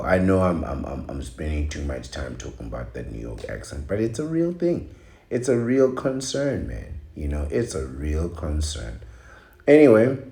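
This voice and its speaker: A man's voice: very deep voice, dark tone, reverberant. A man hosting a podcast, giving an opinionated, mocking monologue with repeated exclamations. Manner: ranting, mocking, repetitive exclamations. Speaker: podcast host.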